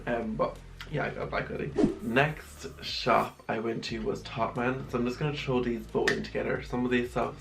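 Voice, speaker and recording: A man's voice: medium pitch, vocal fry, background noise. A young man, chatting casually through a fashion haul vlog, rambling with lots of fillers. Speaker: fashion vlogger.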